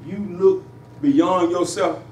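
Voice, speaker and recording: A man preaching a Sunday sermon with a high voice that climbs on each emphatic line. His voice carries through a roomy, echoing sanctuary, picked up from a distance over a faint hiss. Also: fairly even intonation, slow pace, darkish tone. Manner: call-and-response preaching with rising emphatic lines and laughs. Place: church sanctuary. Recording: echoey church room, voice from afar, faint hiss.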